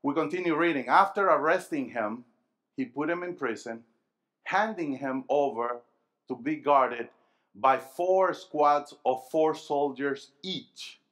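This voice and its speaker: A man with a high voice preaches to a youth gathering, taking his time over each phrase. He keeps asking the congregation questions and waits for them to answer. His delivery drops low and quiet, then rises to loud, emphatic bursts. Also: takes it slowly. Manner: call-and-response, asking the crowd questions. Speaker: pastor. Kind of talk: sermon to a youth rally.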